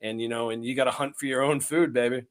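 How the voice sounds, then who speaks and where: A man's voice: mid-range voice, steady tone, fast talker. A man hosting a podcast, easygoing and conversational, often repeating words as he thinks. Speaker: podcast host. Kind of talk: casual chat.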